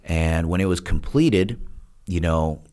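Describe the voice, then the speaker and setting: A man's voice: sits low, takes it slowly. A man guest on a casual interview, telling a story with laughs and acted-out quotes. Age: adult with a wife, past childhood. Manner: animated storyteller, laughs often, acts out quotes. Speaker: podcast guest.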